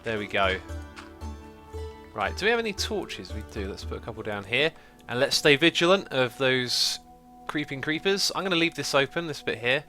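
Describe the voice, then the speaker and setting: A man's voice: mid-range voice, sing-song, normal speed, bright, forceful tone, faint music behind. A man hosting a casual gameplay livestream, chatting away and reading out messages from viewers. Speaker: livestream host.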